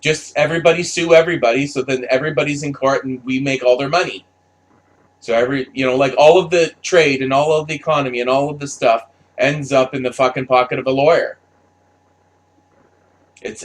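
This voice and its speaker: A man's voice: mid-range voice, brisk. A man delivering a heated, profanity-filled opinion rant, stammering and repeating himself as he talks. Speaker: commentator.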